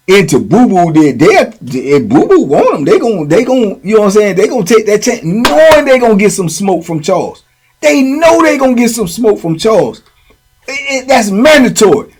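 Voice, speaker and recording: A man telling a story in a casual, animated way, full of slang and repeated phrases. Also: high-pitched, slightly rough. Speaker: storyteller host.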